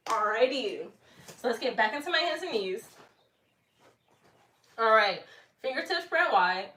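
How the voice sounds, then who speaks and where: High, bright-voiced woman, breathless workout chat, mic set back in an echoey room. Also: recorded from a distance. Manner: chatty, laughing, counts aloud. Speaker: fitness vlogger. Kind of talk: casual workout livestream chat. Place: home room with an exercise mat.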